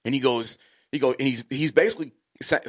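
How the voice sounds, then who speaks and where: Mid-pitched man, casual chat, rambling, restarts often. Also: quick pace, breathy edge. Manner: rambling, restarts, mimics voices in quotes.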